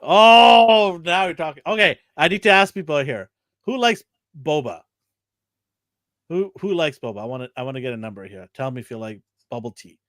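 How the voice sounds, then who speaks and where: Male co-host, animated pitch, close dry sound, jokey banter. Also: dry recording. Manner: playful, teasing, quick jokes. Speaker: co-host reading viewer comments. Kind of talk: casual chat.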